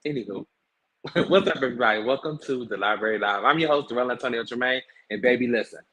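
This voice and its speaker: A man hosting a casual celebrity gossip show, talking in a sassy, animated way full of slang. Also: medium pitch, fast. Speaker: host.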